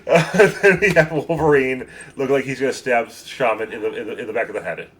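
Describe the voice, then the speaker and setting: A man's voice: medium pitch, fairly quick, fairly bright tone, slight background noise. A laid-back man from Michigan co-hosts a casual podcast with dry, joking remarks. He laughs easily and often repeats a word as he talks. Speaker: podcast co-host. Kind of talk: casual comic-book discussion.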